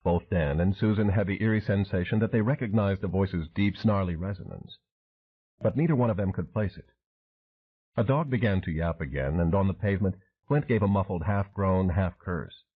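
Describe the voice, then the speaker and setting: A man's voice: sits low, breathy edge. A man narrating an audiobook thriller with dramatic storytelling. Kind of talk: scripted narration. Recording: tinny phone-like audio.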